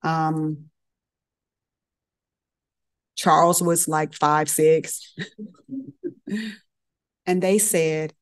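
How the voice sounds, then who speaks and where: A woman's voice: low voice, fairly even intonation, takes it slowly, pauses often. A woman giving a lecture, telling a story and acting out the dialogue in character voices. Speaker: guest speaker at medical grand rounds.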